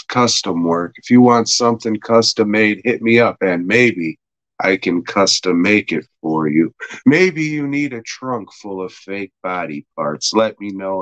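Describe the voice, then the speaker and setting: A man's voice: low voice, a bit bright, no echo, lo-fi sound. A man hosting a podcast, retelling an episode in rambling, profane casual talk and acting out bits of dialogue. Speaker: podcast host reviewing a TV episode.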